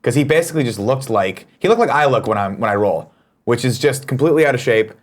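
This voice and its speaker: A man at a middle pitch hosts a loose morning talk show. He reads viewer comments aloud and riffs on them in a joking, profane way. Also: expressive, fast talker. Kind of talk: casual banter.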